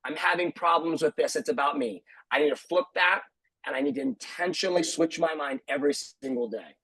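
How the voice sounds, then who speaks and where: A man's voice: a little high, very animated, fairly quick, creaky, fairly bright tone, slightly rough, no echo, poor audio. A man who runs a martial arts school, talking earnestly on a video call panel and repeating phrases for emphasis.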